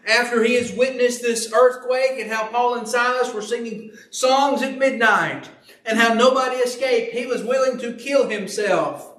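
A man's voice: very high-pitched, moderate pace, a bit bright, far from the mic. A man preaching a sermon in a church, earnestly asking rhetorical questions and reading scripture aloud. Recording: echoey room, voice from off the mic.

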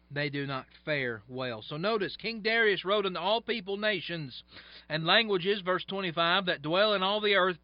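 A man's voice: fairly high pitch, no room sound. A man preaching a sermon, reading scripture aloud and explaining it in plain, folksy asides. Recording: dull, dry, lo-fi sound.

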